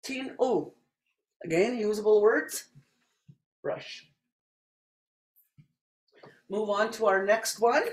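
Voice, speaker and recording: A woman teaching a language class, saying each word several times slowly and clearly for learners. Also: mid-range voice. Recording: echoey classroom.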